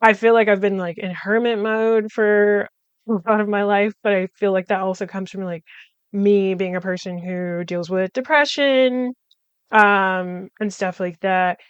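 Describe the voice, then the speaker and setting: Chatty young woman, smooth dry voice. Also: mid-range voice, fairly even intonation, unhurried, no room sound, lo-fi sound. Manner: rambling, chatty, with frequent fillers and laughs. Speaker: podcast host. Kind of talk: casual vlog update. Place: room at home.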